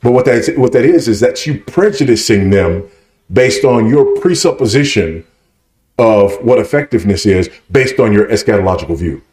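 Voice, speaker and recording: Low-voiced emphatic man in echoey hall. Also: animated, moderate pace, darkish tone. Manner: emphatic, checks understanding with repeated "right?". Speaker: conference speaker answering questions. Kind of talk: Q&A teaching. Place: conference hall.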